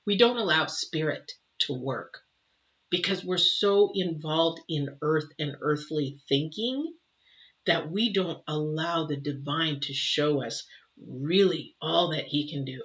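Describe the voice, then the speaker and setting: A middle-aged woman giving a live intuitive tarot reading, emotional and exclamatory, moving between loud bursts and soft murmurs. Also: sits low, slow. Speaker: tarot reader. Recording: slightly dull, faint noise.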